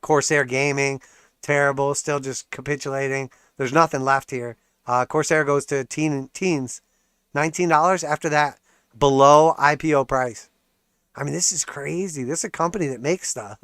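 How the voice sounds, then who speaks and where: A man's voice: fairly high pitch, steady tone, moderate pace, fairly bright tone, smooth, dry recording, clean studio sound. Sarcastic, profane male livestream host. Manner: sarcastic, profane, laughs often. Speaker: livestream host and market analyst. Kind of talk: ranting livestream commentary.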